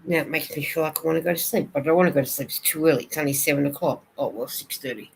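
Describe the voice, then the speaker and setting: A woman's voice: deep voice, racing, vocal fry, a little hiss or hum, low-quality recording. An Australian woman chatting casually on a live stream, reading viewers' comments aloud and answering them as she goes.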